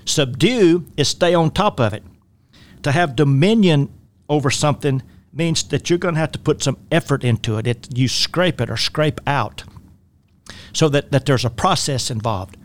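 A man with a Southern drawl hosts a faith-based talk radio show as a life coach, speaking at normal speed in an animated, slightly high voice. His style is folksy and rambling, full of fillers and restarts.

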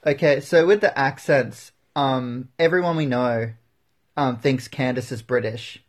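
A man's voice: mid-range voice, unhurried, no echo. A man with an Australian accent, hosting a casual podcast and answering listener questions in a rambling, filler-heavy way. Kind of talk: casual chat.

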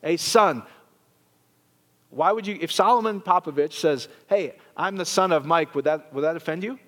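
Animated preacher in a reverberant church. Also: male voice, a little high, moderate pace. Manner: animated, joking with the congregation. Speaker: pastor. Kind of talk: sermon. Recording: long reverb of a church hall.

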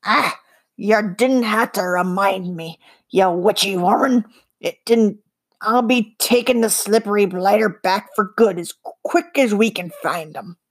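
A woman doing a gruff, folksy goblin thief. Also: mid-range voice, a little slow. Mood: angry. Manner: rough, folksy dialect with a gruff edge. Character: scrappy sharp-toothed male goblin thief.

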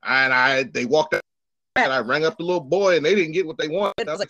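Swearing freely, a middle-aged man hosts a podcast and tells stories in a casual chat, animatedly performing the voices of the characters. He speaks a little high and a little fast, on a lo-fi recording with no echo.

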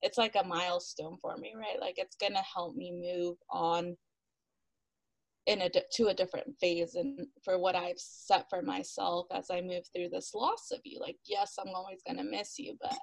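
A woman's voice: on the low side, a little slow, vocal fry, no echo, poor audio. A woman, a guest on an interview podcast, telling her story casually with frequent laughs and acted-out quotes. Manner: animated, laughs often, acts out quotes, many "like" fillers.

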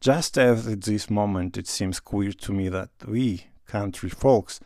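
A man voicing an earnest, awkward country gentleman who speaks bluntly. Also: fairly low pitch, unhurried, no room sound, studio quality.

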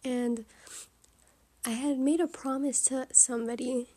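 A young woman telling a rambling personal story in a quiet, hushed way, full of fillers. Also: high voice, fairly even intonation, unhurried. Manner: chatty, rambling, many fillers. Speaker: vlogger. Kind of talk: casual storytime chat.

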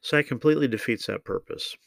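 Low gravelly guy ranting about politics, dry close sound, lots of uhs. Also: no room sound. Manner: opinionated, deliberate with frequent ums and uhs. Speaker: political commentary host. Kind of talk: solo political commentary.

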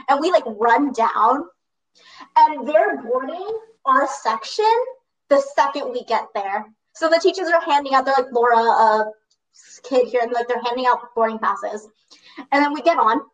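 A teenage girl with a high voice tells a long story in a loose, chatty way, leaning on "like" and laughing between lines. She sits a little back from the microphone, so her voice comes across slightly distant. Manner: animated, lots of "like", laughs mid-story. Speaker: storyteller recounting a school trip. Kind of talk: casual storytelling chat.

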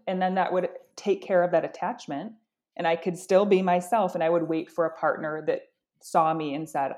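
Woman, middle-aged, slightly low pitch, earnest, reflective, halting restarts. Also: steady tone, warm tone. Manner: earnest, self-reflective, many restarts and "you know". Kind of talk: candid conversational sharing.

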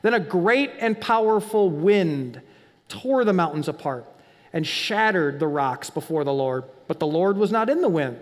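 High-voiced preacher in a reverberant hall. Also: male voice, expressive, measured pace. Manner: dynamic preacher, drops to whispers and rises to near-shouts. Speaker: pastor. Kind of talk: sermon.

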